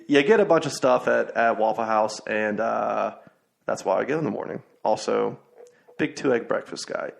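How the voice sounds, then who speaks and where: A young man hosting a laid-back podcast chat. His voice has a gravelly, fry-edged texture, and he rambles through anecdotes with frequent fillers and restarts. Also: medium pitch. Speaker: podcast host. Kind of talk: casual chat.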